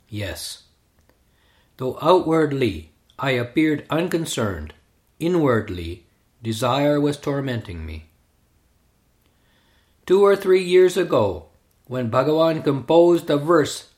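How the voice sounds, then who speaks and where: Guy reading a memoir out loud, slow and careful, voice sits a bit high. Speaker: reader. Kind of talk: scripted narration of a memoir.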